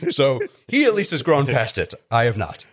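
A man from Chicago, a guest comedian, telling stories in casual chat, animated and self-deprecating with many restarts. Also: mid-range voice, moderate pace. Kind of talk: casual storytelling.

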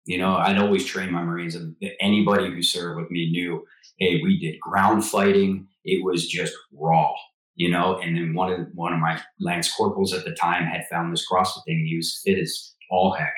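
A man in his forties, a former Marine officer, talking as an interview guest. He tells animated stories and acts out quotes. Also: low voice, normal speed. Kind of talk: casual storytelling interview. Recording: roomy echo.

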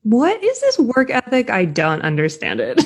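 A woman's voice: fairly high pitch, huge pitch swings, moderate pace, husky. A woman co-hosting a casual chat, playful and teasing with the others. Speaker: co-host.

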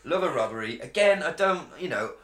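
Excitable swearing podcast host. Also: male voice, fairly high pitch, brisk. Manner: excitable, heavy swearing, animated storytelling. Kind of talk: casual chat. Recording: roomy echo.

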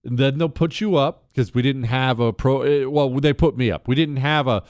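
At a moderate pace, this mid-pitched Montana man, middle-aged and hosting a talk show, recounts a personal story in a clean, echo-free studio recording. He is wry and conversational throughout the monologue, getting animated whenever he shouts a drill instructor's lines.

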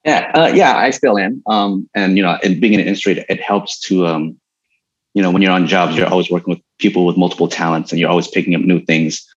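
Man with a very low voice as the interview guest, easygoing rambling talker, slightly dull recording. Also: fairly quick. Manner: relaxed storytelling with many fillers and frequent laughs. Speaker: guest, stuntman and martial artist. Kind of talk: casual interview conversation.

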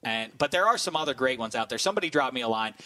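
A man hosting a casual sports panel, bright and forceful in tone, wry and teasing with his co-hosts, talking at an everyday pace. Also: mid-range voice, animated, very fast, dry recording, far from the mic. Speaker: sports show host.

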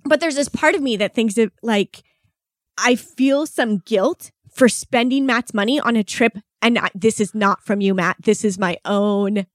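A woman's voice: a little high, a little slow, dry recording, clean studio sound. A woman chatting casually on a podcast, talkative, laughing easily and filling her sentences with "like". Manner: chatty, laughs often, uses "like" a lot. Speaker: podcast co-host. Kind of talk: casual chat.

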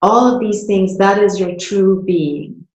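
A middle-aged woman speaking gently and reflectively as an interview guest, at times guiding a slow meditation. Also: medium pitch, highs cut off. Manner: calm, gentle, slow-spoken. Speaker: guest, spiritual writer and speaker. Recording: roomy echo.

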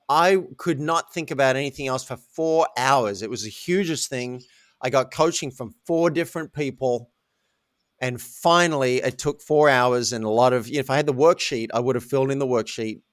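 A man telling a candid, self-mocking story as a guest in a podcast interview, with lively animated delivery. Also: medium pitch, no echo, clean studio sound. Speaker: guest, coach.

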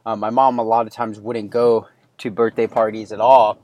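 A man's voice: on the low side, flat delivery, moderate pace, a little mellow, dry recording. A man in his thirties hosting a podcast, telling a personal story in a loose, rambling way with many fillers and restarts. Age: 30s. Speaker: podcast host.

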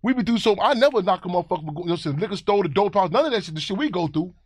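A man's voice: sits high, lively intonation, very fast, breathy edge, dry recording, clean studio sound. A man from Chicago, a guest in a casual interview, telling stories in a rambling, profane way and often repeating his words.

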